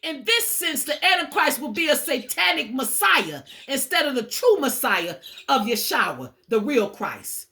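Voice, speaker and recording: A woman's voice: high-pitched, big pitch swings, a little slow, pushed and bright. A woman giving an informal sermon-style talk, emphatic and repetitive, casually swearing and calling her listeners "y'all". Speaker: spiritual teacher.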